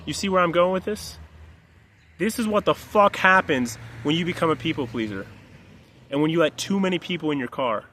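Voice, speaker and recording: A male life coach tells a motivational story with a bright, forceful voice. He acts out the pleading people in the story and talks bluntly, with a curse now and then. A faint hiss sits under the recording. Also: on the high side, lively intonation, brisk. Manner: blunt, direct, swears. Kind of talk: motivational monologue told as a story.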